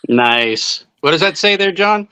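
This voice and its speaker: Lively bright-voiced male host. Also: on the high side, unhurried, smooth, dry recording. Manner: laughs often, eager and fan-like. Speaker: interview host. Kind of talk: casual interview chat.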